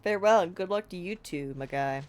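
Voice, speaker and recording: A young American woman with a low voice chats her way through a game stream. She rambles cheerfully and fills her talk with "like" and "you know.". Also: brisk, darkish tone. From United States. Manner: chatty, rambling, upbeat, lots of "like". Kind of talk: casual let's-play chat.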